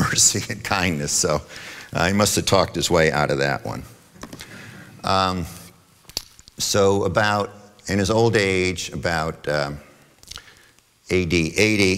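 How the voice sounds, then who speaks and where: Very low-voiced man lecturing in a reverberant hall. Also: fairly bright tone. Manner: conversational lecturing with frequent fillers and self-corrections; reads quotations aloud from notes. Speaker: adult forum presenter. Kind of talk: church adult education talk. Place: church meeting room.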